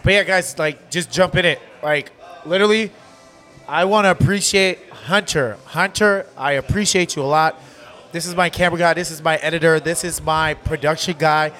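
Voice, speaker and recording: A man in his thirties hosting a casual podcast chat at a bar, animated and motivational, leaning on the word literally. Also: fairly high pitch, moderate pace, faint music behind. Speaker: podcast host.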